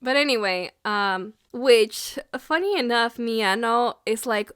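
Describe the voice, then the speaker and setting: A woman's voice: a little high, animated, slow pace, few pauses, fairly bright tone, clean tone, dry recording, clean studio sound. A woman reviewing an anime episode in a casual, gushing and emotional way, with lots of fillers.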